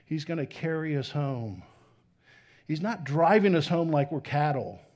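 Animated male pastor preaching. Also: a little high, unhurried. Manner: animated, swings between loud emphasis and soft intimate tones. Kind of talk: sermon.

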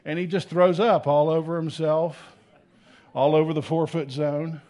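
Male pastor, sermon, somewhat high voice, animated, loud bursts and quiet asides. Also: unhurried. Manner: animated, swings between loud emphasis and soft intimate tones.

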